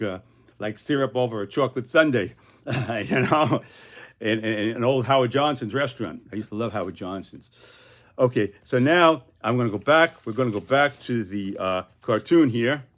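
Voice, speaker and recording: An older man chatting casually on camera about his political cartoon. He rambles and keeps restarting his phrases over and over. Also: medium pitch. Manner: rambling, many repeated restarts. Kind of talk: casual video commentary.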